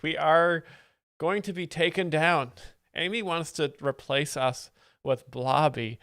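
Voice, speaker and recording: A man hosting a live reaction stream as a mock expert, deadpan and sweary, making absurd claims. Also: on the high side, takes it slowly, smooth, dry recording, studio quality. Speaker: host, streamer.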